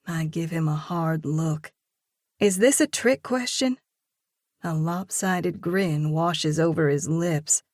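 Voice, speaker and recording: A woman narrating a first-person audiobook in a steady, measured reading voice. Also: low voice, dry recording, clean studio sound.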